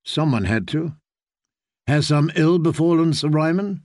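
A man's voice: a little high, animated, a little slow, a little mellow, no room sound. A man voicing a weary, dry-witted lord commander in an audiobook. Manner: dry, mild.

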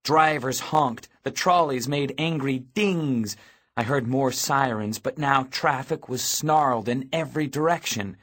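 A man narrating a first-person audiobook in a lively reading voice, raising his voice for shouted cries in the story. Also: medium pitch, a little slow.

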